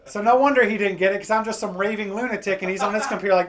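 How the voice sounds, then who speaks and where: An American man performing stand-up rants through a profane story, acting out angry phone calls. His high-pitched voice comes rapid-fire with few pauses, over crowd noise.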